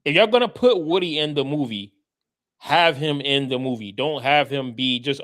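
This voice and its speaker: A man co-hosting a casual podcast chat, loud and excitable, swearing freely. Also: medium pitch, moderate pace. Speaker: podcast co-host.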